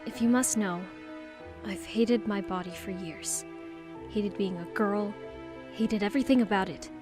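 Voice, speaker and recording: A woman's voice: mid-range voice, unhurried, music in the background, close to an everyday voice. Woman reading an anguished young trans man. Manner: emotional, pleading and tearful.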